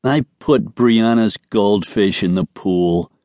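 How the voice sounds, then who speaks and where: A man's voice: medium pitch, big pitch swings, measured pace, mellow, no echo, voice pushed up. A male audiobook narrator voicing a sulky seven-year-old boy with a glum, whiny way of talking. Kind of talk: audiobook character voice. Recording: dry studio recording.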